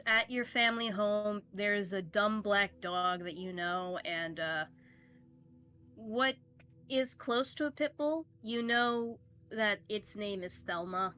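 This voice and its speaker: A woman's voice: mid-range voice, bright, forceful tone. A woman narrating as game master of a tabletop game, meandering with frequent fillers and easy laughter.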